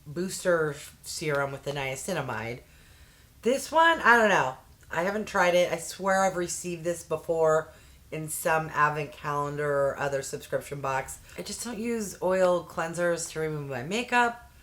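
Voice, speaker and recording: Woman, lowish voice, unhurried and candid; beauty box unboxing vlogger. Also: fairly bright tone. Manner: candid, chatty, quick exclamations. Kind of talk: casual unboxing chat.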